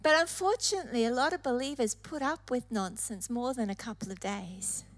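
A woman's voice: on the high side, a little fast. A woman preacher delivering an emphatic sermon, stressing points through repetition. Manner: emphatic, repeating phrases for effect.

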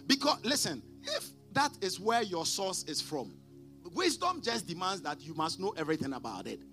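A man preaching a sermon as pastor, emphatic, calling on the congregation to repeat after him and swinging between loud declarations and quiet asides. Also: sits high, big pitch swings, normal speed, faint music behind. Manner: preaching with call-and-response prompts to the congregation.

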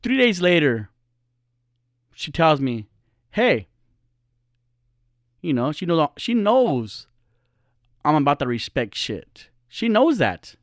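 A man tells a personal story as a casual monologue, swearing freely and ranting as he goes. His voice sits a little high for a man and swings widely up and down in pitch. The recording is close and dry, with almost no room sound. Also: slow, pauses often, no room sound. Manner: profane, animated and ranting. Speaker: podcaster and social media personality.

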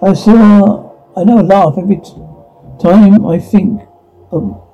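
A man's voice: sits high, steady tone, a little slow, faint music behind. A man reading all parts of a teen drama scene aloud, speaking the sound cues between the lines, on a dull lo-fi recording.

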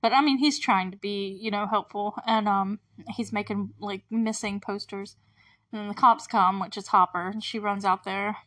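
A woman's voice: medium pitch, fairly even intonation, normal speed, a bit bright. A woman hosting a podcast, recapping a TV episode in a casual, chatty way with lots of fillers and frequent laughs between remarks. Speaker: podcast host.

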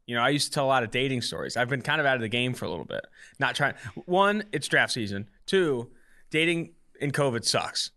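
A young man hosting a podcast, rattling off a story at a quick clip. His voice is bright and forward, and he acts out the dialogue as he goes. He talks in a loose, casual way. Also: mid-range voice. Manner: fast, animated storytelling with quoted dialogue. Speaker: podcast host.

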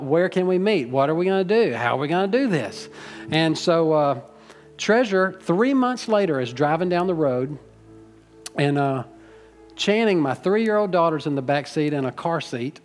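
A middle-aged man preaching a sermon to his church, folksy and rambling, teasing the congregation and getting emotional. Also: a little high. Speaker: pastor. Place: church sanctuary.

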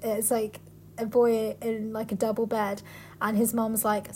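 A woman's voice: fairly high pitch, level tone, a little mellow, slight background noise. A young woman co-hosting a podcast, chatting casually and reading a book aloud with sarcastic, irreverent asides. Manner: sarcastic, irreverent, quick to mimic characters. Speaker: podcast co-host.

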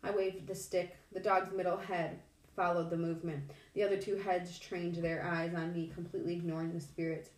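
A woman with a fairly low voice reads a novel aloud in a measured, steady manner. She sits back from the mic, and the room adds a clear echo. The storytelling is even and unhurried. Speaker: audiobook reader. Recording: echoey room, distant mic.

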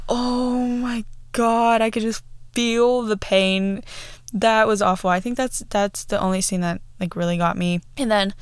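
A woman's voice: mid-range voice, clean tone, no echo, studio quality. A young woman in her twenties hosting a podcast, chatting casually about movies with many fillers and restarts. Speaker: podcast host. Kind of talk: casual movie review chat.

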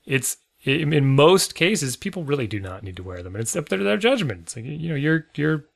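A man's voice: fairly high pitch, big pitch swings, fairly quick, creaky. A man in casual podcast chat who lays out his views thoughtfully, hesitating and restarting as he goes. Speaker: podcast co-host.

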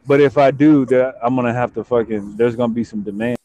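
A man's voice: medium pitch, fairly even intonation, a little fast, a little mellow, slight background noise. Blunt, profane man calling in. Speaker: podcast guest. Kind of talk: casual chat. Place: car, driving.

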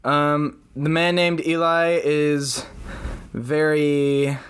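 A man's voice: on the high side, level tone, a bit bright, clear, resonant tone. A young man co-hosting a podcast in casual chat, goofy and joking. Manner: goofy, joking, deliberately unhurried. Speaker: podcast co-host.

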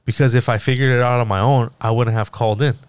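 A man co-hosting a podcast, telling a story in casual chat, animated, swearing freely and laughing often. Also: medium pitch, fast talker, clean tone, no echo. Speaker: podcast co-host.

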